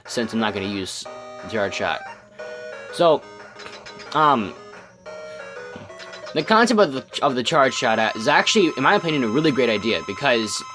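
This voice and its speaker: A young man giving casual gameplay commentary, rambling with many ums and restarts, his voice scratchy from just waking up. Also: mid-range voice. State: just woke up, scratchy morning voice. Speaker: let's play host.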